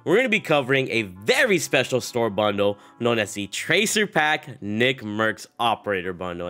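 A young man narrates a gaming video in a casual, upbeat way despite a sick voice. He rambles a little, with frequent fillers and restarts. His pitch sits in the middle range for a man. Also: fairly bright tone. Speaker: gaming YouTuber.

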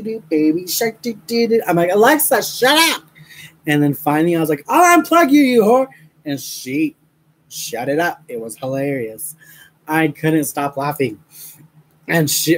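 A man's voice: medium pitch, a little hiss or hum, poor audio. A young man chatting to his viewers while crafting, rambling with many fillers and frequent laughs, mentioning a headache. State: has a headache. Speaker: crafting vlogger.

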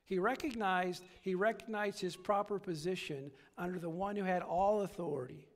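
A pastor delivers his sermon in a high voice, circling back on phrases and building to forceful peaks. The sound carries a long reverb from the church sanctuary. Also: normal speed. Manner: preaching with repetition, rising to emphatic peaks.

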